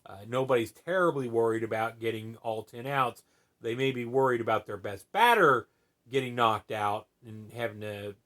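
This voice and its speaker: A man talks through his opinions in a relaxed, rambling vlog style. He leans on fillers and tag questions as he goes. His voice sits at an average middle pitch. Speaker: channel host.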